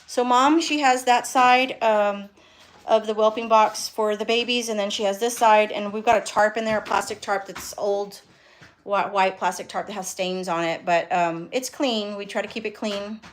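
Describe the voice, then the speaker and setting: A woman in her forties who breeds dogs and runs a kennel chats casually on a phone-recorded live stream, reading viewer comments from a home bedroom with a whelping box. She rambles with lots of ums and restarts, her voice medium-pitched with fairly even intonation at normal speed.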